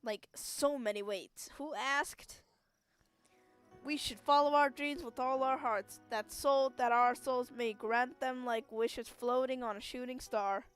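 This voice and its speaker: A woman's voice: sits high, steady tone, slow pace, clear, resonant tone, soft background music. A woman voicing an earnest, sentimental old male chef in a video game, in a near-plain reading voice.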